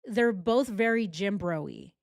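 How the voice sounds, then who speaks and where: A woman's voice: mid-range voice, expressive, slow, no echo, clean studio sound. A woman hosting a true crime commentary, sarcastic and exasperated as she goes through evidence. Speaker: true crime channel host.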